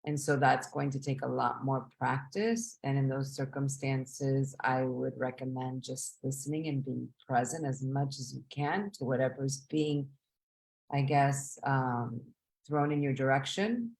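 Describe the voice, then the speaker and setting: A woman with a low, deep voice talks through her advice on a live stream. She is reflective and measured, with frequent "um"s and "right?" checks. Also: gravelly, darkish tone. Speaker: host answering questions.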